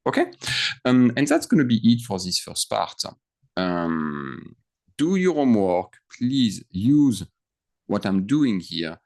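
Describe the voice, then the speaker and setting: A man's voice: fairly low pitch, very animated, slow, a little mellow. A man teaching a grammar lesson over screen share, thinking aloud and checking in with frequent questions. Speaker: French teacher.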